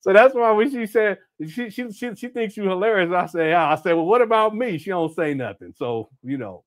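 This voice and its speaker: A man's voice: high voice, moderate pace. Rambling, laughing man hosting a livestream. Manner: rambling, frequent restarts and fillers; loud, laughing banter with viewers. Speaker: host. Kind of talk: casual livestream commentary.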